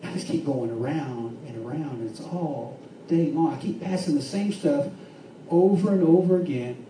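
A man preaching a sermon, swinging between fervent shouts and hushed, quiet stretches. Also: fairly high pitch, normal speed, slight background noise. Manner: impassioned preaching with rising shouts and hushed drops. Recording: echoey room from far off with faint ambience.

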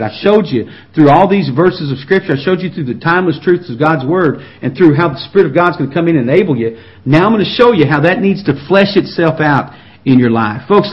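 Earnest preacher man, dull lo-fi sound. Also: on the high side. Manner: earnest, pleading, with frequent repeated words and restarts. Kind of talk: sermon. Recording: dull lo-fi recording.

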